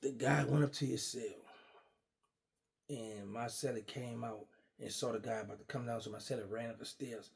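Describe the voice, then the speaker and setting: A middle-aged man casually telling a long personal story, animated and acting out what others said. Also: medium pitch, creaky. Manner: animated, acts out quoted dialogue. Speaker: guest storyteller.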